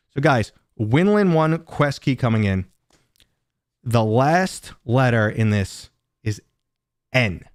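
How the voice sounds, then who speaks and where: A man's voice: mid-range voice, no echo, clean studio sound. A man from New City, chatting casually and joking with viewers while hosting a live stream. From New York City. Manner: rambling, joking, chatty asides to chat.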